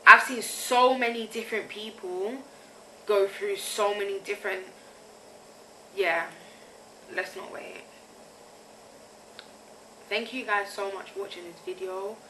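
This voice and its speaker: A woman's voice: mid-range voice, takes it slowly, pauses often, pushed and bright, a little hiss or hum, rough recording. A young woman speaking candidly to her own camera in a confessional vlog, using slang and often checking that the listener follows her. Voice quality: candid, slangy, keeps asking "you get me". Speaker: vlogger. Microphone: camera mic, self-filmed.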